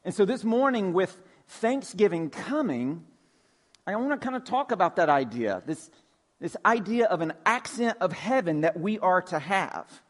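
A man's voice: high voice, sing-song, normal speed. A man in his forties from Georgia, preaching a sermon as a pastor in a loose, conversational way with a light Southern accent. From Georgia, USA. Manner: conversational, folksy, with filler words and restarts. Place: church sanctuary.

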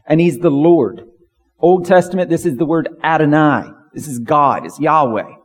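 A man's voice: fairly high pitch, lively intonation, moderate pace, long reverb tail. A man preaching a sermon as pastor, emphatic and building to fervent lists of praise.

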